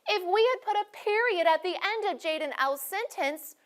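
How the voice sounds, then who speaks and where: A woman's voice: very high-pitched, lively intonation, moderate pace. A woman teaching a phonics lesson, encouraging students and asking them questions by name.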